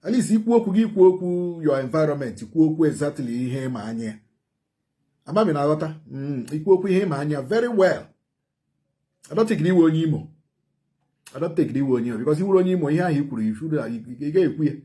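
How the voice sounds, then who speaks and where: A man's voice: on the high side, lively intonation, quick pace, dark tone. A man with a Nigerian Igbo accent giving heated commentary, emphatic and repetitive, switching between Igbo and English. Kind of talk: heated social media commentary.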